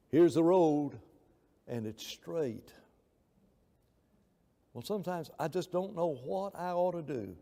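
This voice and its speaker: A man's voice: fairly high pitch, dark tone, big-room sound. An older man preaching a sermon in a church, emphatic, repeating words for stress, with frequent fillers. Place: church hall.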